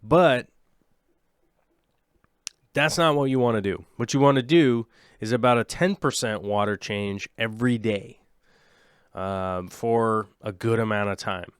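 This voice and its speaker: A man's voice: lowish voice, measured pace, long pauses, smooth, no room sound, clean studio sound. A man in his late thirties hosting a casual aquarium livestream, rambling and joking with his viewers. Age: late 30s. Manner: rambling, jokey, chats with viewers.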